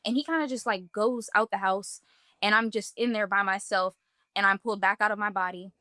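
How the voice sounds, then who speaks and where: A woman's voice: mid-range voice, fairly even intonation, brisk, pushed and bright, no echo, clean studio sound. A woman earnestly recounting a personal experience in vivid first-person detail, talking casually with many "like" fillers. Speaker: guest telling a personal testimony. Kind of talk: emotional first-person storytelling.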